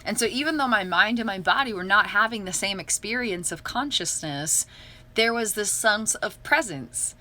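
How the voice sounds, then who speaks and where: A woman's voice: mid-range voice, moderate pace, bright, forceful tone. A young woman talking casually on a livestream, earnest and upbeat, often laughing. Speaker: livestream host.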